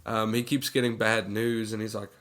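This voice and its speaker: A man's voice: fairly low pitch, level tone, normal speed, fairly bright tone. A man co-hosting a podcast, casually retelling movie scenes and acting out the quotes. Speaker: podcast co-host. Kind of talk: casual movie recap chat.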